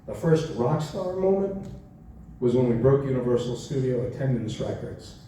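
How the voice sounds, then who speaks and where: Animated man telling stories on a panel. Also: mid-range voice, moderate pace. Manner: animated, acts out quotes, laughs often. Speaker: actor, convention panel guest. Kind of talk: storytelling Q&A answers. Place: large convention hall. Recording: echoey hall from far off, faint noise.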